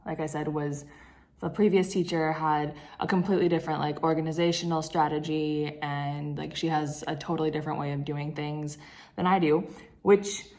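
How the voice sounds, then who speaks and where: A woman's voice: sits low, fairly even intonation, normal speed, a little mellow. Chatty young woman vlogging. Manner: chatty and rambling, many "like" fillers. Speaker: grade two teacher and vlogger. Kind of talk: casual vlog chat.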